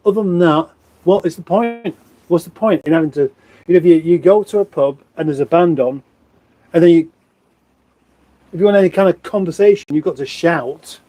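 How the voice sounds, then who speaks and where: A man's voice: on the high side, warm tone, dry recording. A man from England hosting a casual live stream from his kitchen on a phone, rambling and self-deprecating as he reads out viewers' comments. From England (born in Surrey). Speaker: livestream host. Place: home kitchen, indoors. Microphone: phone on a stand.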